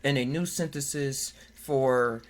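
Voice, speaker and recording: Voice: medium pitch, slow pace. Giggly podcast host reading aloud. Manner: jokey and giggly, stumbles over hard words. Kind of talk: casual chat, reading aloud from web pages.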